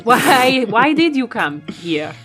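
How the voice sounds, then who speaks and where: A woman's voice: on the high side, very animated, takes it slowly, fairly bright tone, husky, faint music behind. A woman playing a tabletop game with sarcastic quips. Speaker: player. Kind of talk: tabletop role-play.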